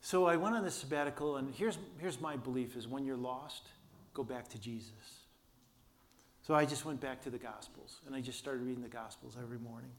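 A man's voice: a little fast, a little hiss or hum. Older male pastor, storytelling sermon, can't raise his voice, many restarts. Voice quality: limited vocal power from vocal cord damage. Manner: storytelling, earnest, with many restarts and quiet low asides.

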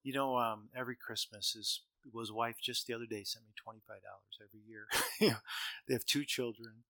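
Bright, forceful middle-aged man telling stories. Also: medium pitch, steady tone, a little fast, dry recording. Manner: conversational, acts out dialogue, chuckles at own jokes. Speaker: speaker. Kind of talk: humorous storytelling talk.

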